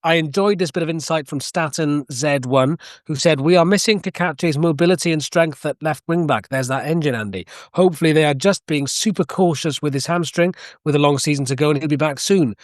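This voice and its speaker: A man hosting a casual football podcast, brisk and jokey as he moves the show along. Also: fairly high pitch, no room sound, studio quality. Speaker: podcast host. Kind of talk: casual chat.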